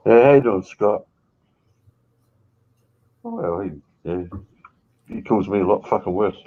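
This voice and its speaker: A man's voice: on the low side, animated, unhurried, narrow, tinny audio, slight background noise. A man in laid-back banter with a friend over voice chat, ribbing him and laughing easily. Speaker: gamer chatting with a friend.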